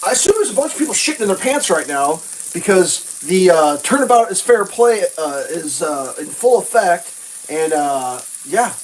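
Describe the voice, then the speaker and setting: A woman hosting a casual livestream, ranting sarcastically and swearing while she cooks, jumping into high mocking voices. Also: a little hiss or hum, rough recording. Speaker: livestream host. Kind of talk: casual political rant while cooking.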